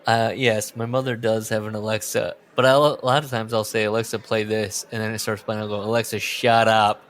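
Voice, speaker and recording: A man's voice: fairly low pitch, steady tone, normal speed, fairly bright tone. A man co-hosting a casual podcast chat, riffing on a book and reading its lines aloud in joking voices. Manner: riffing, reads book quotes in mock voices. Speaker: podcast co-host.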